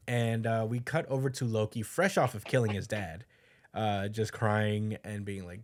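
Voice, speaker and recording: Speaking at normal speed in a lowish voice, this male co-host goes over a comic chapter in a loose, rambling way. Fillers pile up as he performs the characters' dialogue.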